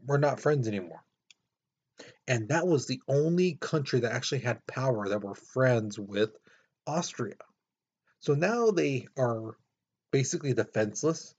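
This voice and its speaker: A man teaching a recorded history lesson to students in a casual, conversational way, full of "you know" fillers and quick acted-out voices. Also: medium pitch, breathy edge. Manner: animated, acts out quick voices for countries. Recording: dull lo-fi recording.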